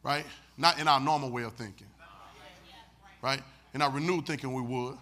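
A man preaching a sermon with folksy, laughing asides, leading call-and-response and swinging from quiet talk to shouts. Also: medium pitch, fairly even intonation, moderate pace. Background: congregation responding.

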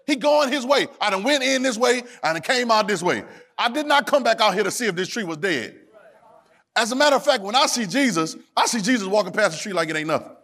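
A man preaching in a sermon, his voice pitched high for a man. He pulls the congregation in with call and response and drops into loose, casual church talk. His delivery swings from low asides to shouted, sung lines. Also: animated, quick pace. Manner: Southern Black church vernacular, drops verbs. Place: church sanctuary.

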